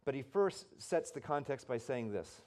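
A man preaching a sermon as pastor, telling stories conversationally and swinging from loud and emphatic to soft and hushed. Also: medium pitch, animated, normal speed. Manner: conversational storytelling, swells loud then drops soft.

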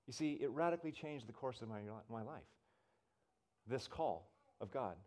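A man's voice: medium pitch, normal speed. A man preaching a sermon to a congregation, telling stories and acting out the voices in them. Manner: storytelling, animated, acts out voices. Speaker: pastor. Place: church in front of a congregation.

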